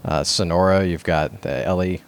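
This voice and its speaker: A man's voice: sits low, fairly even intonation, normal speed, a little hiss or hum. A man hosting a podcast, talking in an easygoing, rambling way with many fillers at a studio microphone. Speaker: podcast host. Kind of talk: casual chat.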